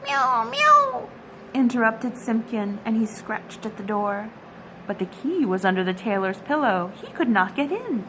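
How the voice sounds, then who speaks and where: A woman reading a classic children's story aloud at a storytime, gentle and expressive. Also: medium pitch, normal speed, a little hiss or hum, poor audio. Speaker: storytime reader.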